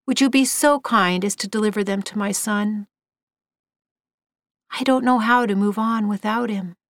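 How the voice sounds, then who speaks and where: A woman narrating a first-person ghost story in a quiet, somber reading. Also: mid-range voice, moderate pace, no room sound, clean studio sound.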